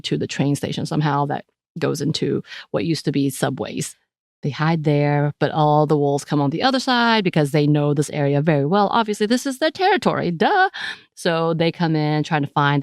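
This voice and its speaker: Woman podcast co-host, low voice, chatty recap, dry close recording. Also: clean tone, dry recording. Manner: chatty and animated, with frequent restarts. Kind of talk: casual chat recapping a TV episode.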